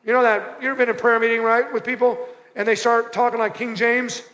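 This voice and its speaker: High-voiced male pastor in a reverberant hall. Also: little pitch movement, brisk, a bit bright. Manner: conversational, emphatic repetition of short phrases. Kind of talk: sermon. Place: church auditorium. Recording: long reverb of a church hall.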